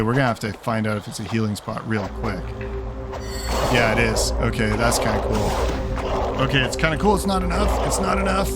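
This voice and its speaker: A man hosting a let's play, giving casual, rambling commentary full of sarcasm and swearing. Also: medium pitch. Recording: commentary with background game noise.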